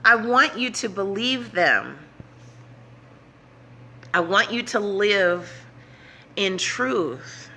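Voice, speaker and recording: A woman's voice: medium pitch, expressive, extremely slow, long pauses, pushed and bright. A woman vlogger talking straight to her audience in an impassioned, urgent way, repeating herself to drive points home. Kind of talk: impassioned direct-to-camera talk.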